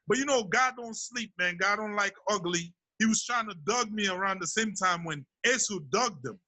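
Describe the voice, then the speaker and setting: A man from Sierra Leone talks through an interview about his rap career, easygoing and conversational. His voice sits high and very bright. The sound is close and dry. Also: normal speed, few pauses, dry recording, rough recording. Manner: laid-back, peppers speech with "you know what I mean". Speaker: rapper being interviewed. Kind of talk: casual interview talk.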